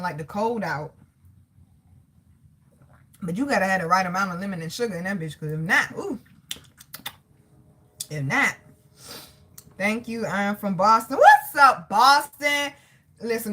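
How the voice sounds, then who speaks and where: Woman tarot reader running a live stream, chatty and profane, bright cutting tone. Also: mid-range voice. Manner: slangy, swears freely, greets chat by name; talks to God out loud between points. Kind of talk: casual live tarot reading.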